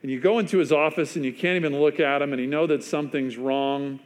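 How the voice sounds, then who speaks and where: With a slightly high voice and fairly even intonation, a man preaches as a pastor. He tells a story, pausing at length and sinking to a hush when he wants emphasis.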